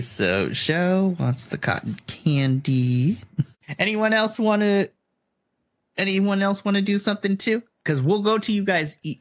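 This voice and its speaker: A man narrating a tabletop game as game master, excitable and giggly, often restarting his sentences. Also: on the high side.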